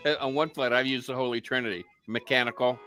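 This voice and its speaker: Chatty man, bright voice, faint music. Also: mid-range voice, steady tone, normal speed. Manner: chatty storyteller, acts out quoted voices. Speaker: podcast host. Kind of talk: casual chat.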